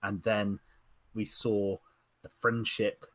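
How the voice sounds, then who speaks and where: A man's voice: lowish voice, flat delivery, slow, no echo. A man co-hosting a casual podcast, rambling and digressing, often laughing. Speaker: podcast co-host. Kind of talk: casual chat.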